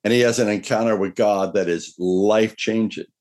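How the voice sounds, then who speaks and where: A man preaching a sermon as pastor, earnest, slowing down to read scripture aloud. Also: on the low side, steady tone, a little mellow. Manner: earnest preaching, slows and lifts his voice when reading scripture.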